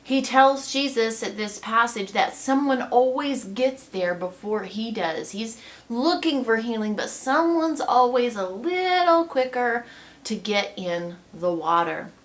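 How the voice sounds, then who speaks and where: Woman, devotional Bible teacher; earnest, reflective, very slow, measured delivery. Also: a little high, lively intonation.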